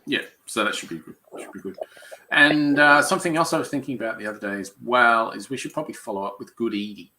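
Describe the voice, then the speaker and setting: A man's voice: mid-range voice, quick pace, noisy background. A man co-hosting a podcast in casual, rambling chat full of fillers. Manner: rambling, chatty, many fillers. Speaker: podcast co-host.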